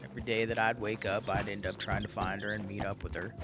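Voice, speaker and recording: A man's voice: fairly low pitch, little pitch movement, quick pace, over music. A young man casually telling a roleplay story in a folksy, rambling way with many fillers and restarts.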